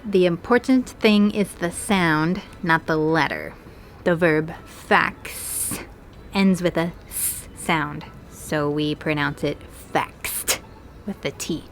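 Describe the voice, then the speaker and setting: A woman English teacher giving a pronunciation lesson, speaking clearly and carefully. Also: on the low side, a bit bright. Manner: slow, clear, careful enunciation.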